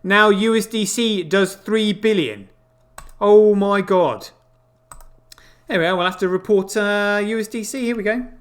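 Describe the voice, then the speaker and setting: A man's voice: high voice, normal speed, hardly any pauses, fairly bright tone. A man hosting a crypto show, giving casual, incredulous running commentary on what he sees on screen, with frequent exclamations. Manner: exclaiming, incredulous, swearing asides.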